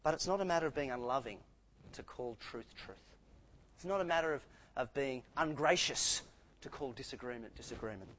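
A man's voice: medium pitch, a little fast, a bit bright, a little hiss or hum, low-quality recording. A man preaching a sermon in a church, earnest and emphatic, often repeating words to stress a point.

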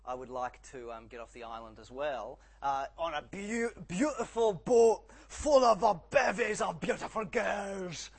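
A man's voice: high-pitched, lively intonation, a little slow, hardly any pauses, husky, voice pushed up, exaggerated voice. A man doing a put-on Scottish accent as a cheeky stranded Scotsman in a joke, drawn out and leering. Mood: dreamy.

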